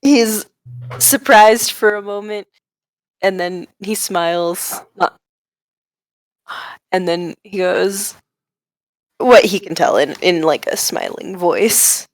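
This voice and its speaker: A woman's voice: mid-range voice, slow pace, long pauses, dry recording. A woman player narrating her character's actions in a tabletop game, playful in manner.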